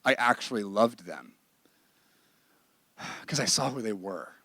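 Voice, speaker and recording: A man's voice: fairly low pitch, animated, slow pace, sharp tone, dry recording, studio quality. A man teaching a ministry class in a candid, emphatic, conversational sermon style. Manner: emphatic and candid, with bursts of laughter.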